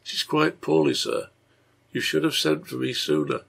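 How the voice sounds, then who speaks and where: A man's voice: on the high side, very animated, normal speed, gravelly, fairly bright tone, pitched above the performer's own voice, heavily acted. A man voicing a serious, disapproving doctor in a read-aloud story. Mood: stern.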